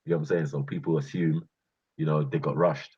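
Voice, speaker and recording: A man telling boastful street stories in a casual, slangy, animated vlog. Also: very deep voice, brisk, slightly rough. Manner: animated, slangy, boastful, breaks into laughs and sound effects. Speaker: channel host. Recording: muffled lo-fi sound.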